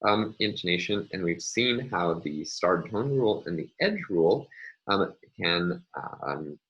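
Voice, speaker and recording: A man with a very low voice talks through a recorded linguistics lesson at his computer. He moves methodically from point to point, filling pauses with ums and uhs while he annotates on screen. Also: animated, a bit bright, muffled recording. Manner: methodical, explains step by step with frequent ums and uhs. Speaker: linguistics lecturer.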